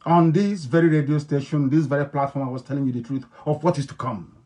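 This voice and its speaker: A man with an Igbo-influenced Nigerian accent, a native Igbo speaker, gives an impassioned radio address to his followers. He is emphatic and repetitive, swinging between loud declarations and low, intense tones. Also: fairly even intonation, fast. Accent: Nigerian, Igbo-influenced English. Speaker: political leader broadcasting to followers.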